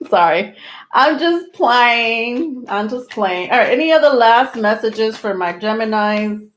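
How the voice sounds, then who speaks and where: A tarot reader on a live stream chats her way through a reading, laughing often and using lots of fillers. Her mid-range voice comes through with a little hiss or hum, in an echoey room.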